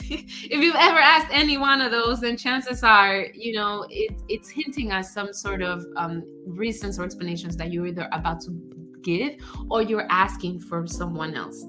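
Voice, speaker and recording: A woman career coach giving casual advice, animated, acting out example phrases and laughing often. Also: mid-range voice, normal speed, faint music behind. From United States.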